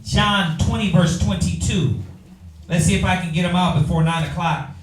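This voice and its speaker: A man leads a Bible class in a preaching style, firing rhetorical questions and calling on readers. His voice sits high and rings through a very echoey room. He sounds set well back from the microphone. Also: normal speed, recorded from a distance, slight background noise.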